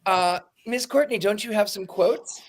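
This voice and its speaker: A man's voice: sits high, unhurried. A man co-hosting a casual podcast chat, playful and teasing. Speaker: podcast co-host.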